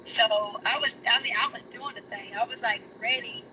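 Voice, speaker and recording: A woman sharing her recovery story in casual chat, emotional and rushed, her voice cracking high. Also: bright, forceful tone, slight background noise, poor audio. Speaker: guest. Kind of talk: casual personal testimony.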